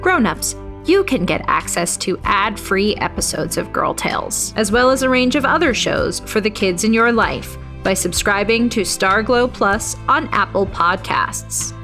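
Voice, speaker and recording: A woman's voice: mid-range voice, expressive, unhurried, faint music behind. Lilting woman reading a children's story. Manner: gentle, clear and lilting. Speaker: storyteller and podcast host.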